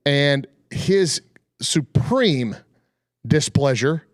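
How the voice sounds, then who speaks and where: A man's voice: fairly high pitch, lively intonation, extremely slow, no room sound, clean studio sound. A male radio host opening a sports talk show, chatty and emphatic.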